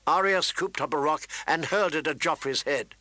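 A man reading a fantasy novel aloud in steady, dramatic storytelling narration. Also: on the high side, moderate pace, no echo. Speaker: audiobook narrator. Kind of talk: scripted narration.

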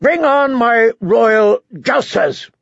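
A man's voice: very high voice, expressive, extremely slow, creaky, fairly bright tone, no echo, highs cut off, pitched above the performer's own voice, exaggerated voice. A man narrating a fantasy novel, voicing a young drunken boy king with a raised, strained voice. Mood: drunken shout.

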